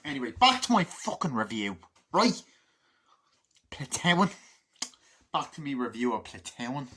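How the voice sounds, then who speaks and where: A man giving a casual spoken film review, rambling and swearing, often breaking into loud shouted quotes from the film. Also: mid-range voice, big pitch swings, a little slow, a little hiss or hum.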